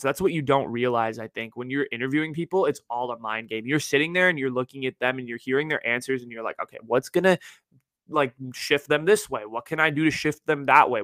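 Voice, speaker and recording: A young male podcast host tells stories from his first year in a loose, slangy, profane manner. His voice is bright and forceful, with a medium pitch. The sound is dry and close, with no room around it. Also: no echo. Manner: casual, profane, animated storytelling with slang. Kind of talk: solo podcast reflection.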